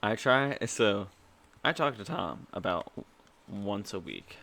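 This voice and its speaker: A man's voice: on the low side, animated, slow pace, creaky, pushed and bright. A man co-hosting a podcast in casual chat, teasing his friend and laughing often. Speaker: podcast co-host.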